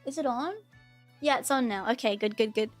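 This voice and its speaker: A woman's voice: a little high, brisk, soft background music. A woman with an Australian accent, chatting casually and rambling on a live stream as a VTuber host. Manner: chatty, rambling, repeats herself.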